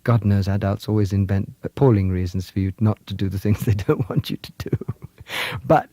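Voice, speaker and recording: A man telling stories from his childhood in India in a gentle, lyrical, unhurried way. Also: fairly low pitch, fairly even intonation, no echo. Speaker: storyteller. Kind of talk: storytelling narration. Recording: music playing underneath.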